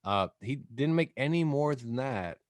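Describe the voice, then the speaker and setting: A man hosting a podcast in casual chat, rambling and animated, swearing freely. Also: mid-range voice, moderate pace, no echo. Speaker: podcast host.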